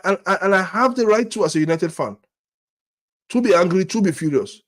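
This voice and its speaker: A man's voice: sits high, animated, moderate pace, a bit bright. A man hosting a football fan channel, ranting with frustration, often repeating and restarting his words and firing off rhetorical questions. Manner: repetitive, stammering restarts, exasperated rhetorical questions. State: angry and disappointed. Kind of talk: frustrated fan rant to camera.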